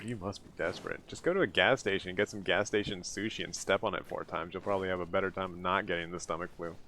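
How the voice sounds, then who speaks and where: A man's voice: sits low, a bit bright, slight background noise. An American man streaming late at night, chatting casually with viewers, rambling, laughing often and poking fun at himself while sounding tired. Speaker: live streamer.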